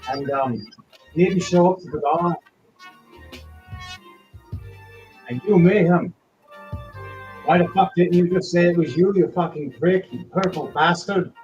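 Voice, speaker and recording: A man's voice: high-pitched, moderate pace, darkish tone, lo-fi sound, faint music behind, natural voice. A man doing a cranky, swearing wizard. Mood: furious. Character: foul-mouthed irritable male wizard.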